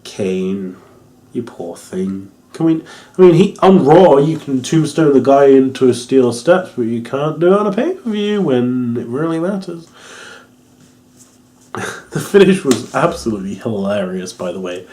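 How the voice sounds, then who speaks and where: A man's voice: medium pitch, big pitch swings, measured pace, dark tone. A young man giving a casual, rambling wrestling review, amused and swearing, with lots of ums.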